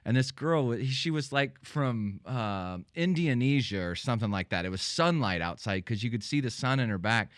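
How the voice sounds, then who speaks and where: A man's voice: mid-range voice, lively intonation, normal speed, hardly any pauses, fairly bright tone, no echo, studio quality. A man hosting a podcast, telling casual rambling anecdotes full of fillers and restarts. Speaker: podcast host. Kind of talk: casual chat, storytelling.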